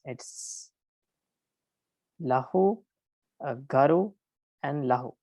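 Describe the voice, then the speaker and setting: Low-voiced woman explaining metre, halting. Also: warm tone, no room sound. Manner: halting, many fillers and restarts, careful explaining. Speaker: Pali teacher.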